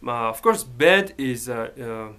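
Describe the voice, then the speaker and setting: A man speaks in a slow, unhurried way, his pitch sitting in an ordinary middle range. He talks casually to camera from his bedroom, halting often and filling gaps with "uh" and "you know". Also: lively intonation, sharp tone, clean tone. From Mongolia. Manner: hesitant, halting, full of fillers. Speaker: vlogger.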